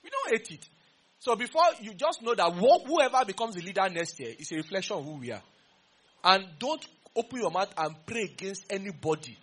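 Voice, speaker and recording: A man with a Nigerian English accent preaching a sermon, teasing and quizzing his congregation in an animated way. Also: high-pitched, a little fast, husky.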